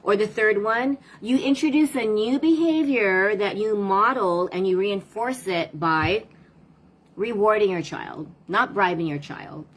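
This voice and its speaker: A woman's voice: medium pitch, measured pace, a bit bright, low-quality recording. A woman parent coach talking casually to viewers on a live stream, asking rhetorical questions and replying to comments.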